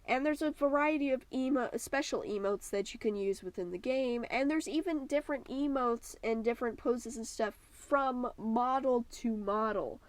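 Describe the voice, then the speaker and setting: A woman vlogger talks in a rather high voice, gushing and rambling with plenty of ums as she chats over a video. She slips into a playful put-on accent throughout. The sound is dry and close, with no room behind her. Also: moderate pace, hardly any pauses, no room sound. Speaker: YouTube art channel host. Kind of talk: casual voice-over commentary.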